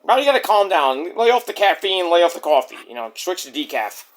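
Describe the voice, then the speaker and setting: Jokey, high-voiced man reviewing wrestling. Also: big pitch swings, moderate pace. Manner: rambling, jokey, self-interrupting. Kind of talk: casual review vlog.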